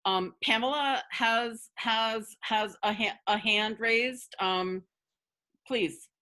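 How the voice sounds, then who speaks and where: Slow-talking woman host who stutters. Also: a little high. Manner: stutters on words, slow and gentle. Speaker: meeting host. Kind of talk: moderating a support meeting.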